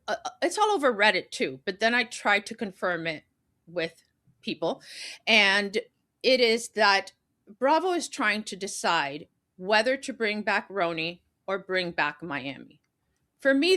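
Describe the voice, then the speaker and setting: A woman's voice: medium pitch, a bit bright. A woman co-hosts a podcast with a playful, talkative manner. She chats casually and keeps the conversation moving. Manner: playful, talkative, laughs easily. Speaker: podcast co-host.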